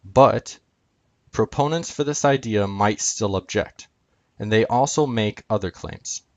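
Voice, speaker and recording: A man explaining Greek spellings over a screen share, halting, with many ums and uhs as he points at letters. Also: on the low side, dry recording.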